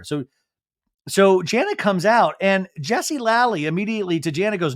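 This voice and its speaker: A man hosting a podcast, recapping a show in a jokey, animated way and acting out quotes. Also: fairly high pitch, moderate pace, no room sound, studio quality. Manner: animated, jokey, acts out quotes in different voices. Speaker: podcast host. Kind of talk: casual recap commentary.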